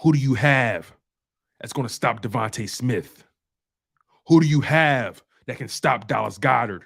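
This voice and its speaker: A man's voice: medium pitch, a little slow, vocal fry, a bit bright. A man hosting a live-streamed football show, talking in an emphatic, repetitive trash-talk style full of slang. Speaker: sports show host.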